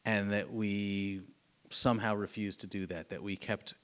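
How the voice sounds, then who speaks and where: A middle-aged man, an author, speaking at a live museum talk in an earnest, animated storytelling way, with fillers and restarts. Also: lowish voice, unhurried. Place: museum event room with audience.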